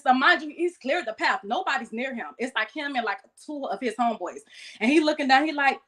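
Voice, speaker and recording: A woman, a podcast guest casually telling animated stories about keeping exotic pets and acting out quoted voices. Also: high-pitched, normal speed. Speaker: guest, exotic pet keeper. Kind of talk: casual storytelling chat.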